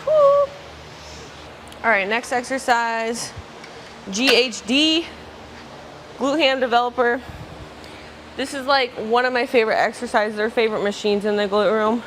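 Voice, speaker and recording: A woman's voice: on the high side, fairly even intonation, moderate pace, pauses often, a bit bright, a little hiss or hum. A young woman casually vlogging her workout at the gym, chatty and loose, dropping "like" and "bro". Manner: chatty, filler-heavy, says "like" and "bro". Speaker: fitness vlogger. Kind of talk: casual vlog chat during a workout.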